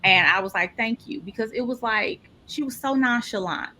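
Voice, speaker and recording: A woman telling a personal story in an interview, lively and expressive, acting out the people she quotes. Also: moderate pace, a little hiss or hum. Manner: animated, acts out quoted people with big pitch jumps. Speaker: podcast guest.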